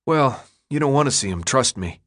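A man's voice: medium pitch, animated, normal speed, fairly bright tone, no room sound, clean studio sound, lightly acted. A man voicing a curious, frustrated teenage boy who speaks in edgy, questioning tones in a storybook reading.

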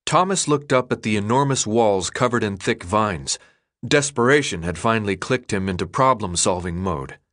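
A man narrating an audiobook in a steady, measured way. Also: lowish voice, no echo, studio quality.

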